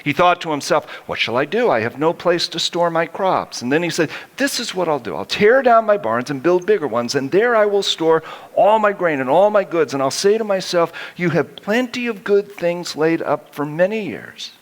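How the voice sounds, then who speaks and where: A man's voice: on the high side, lively intonation, normal speed. A middle-aged male pastor preaching a sermon, telling stories and acting out the quotes he reads.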